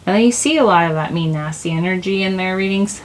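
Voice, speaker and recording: A woman's voice: fairly low pitch, fast. Chatty woman doing a tarot reading. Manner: rambling, chatty, laughs at herself. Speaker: tarot reader. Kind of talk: casual channelled tarot reading. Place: home, indoors. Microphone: desk microphone.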